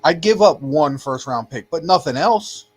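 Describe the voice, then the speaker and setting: A man with a slightly higher, husky voice argues his points with emphasis, doubling up words as he pushes ahead. It is loose, casual sports talk on a podcast. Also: lively intonation, moderate pace. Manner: emphatic, repeats words when pressing a point. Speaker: podcast co-host.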